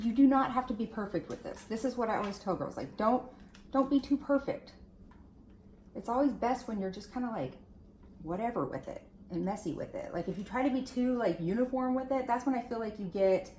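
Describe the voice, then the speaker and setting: Demonstrating on a wig, this stylist explains how to curl it in a chatty tutorial, leaning heavily on fillers like "like" and "okay". She speaks at medium pitch with vocal fry and a warm tone, and the roomy audio carries slight hiss or hum.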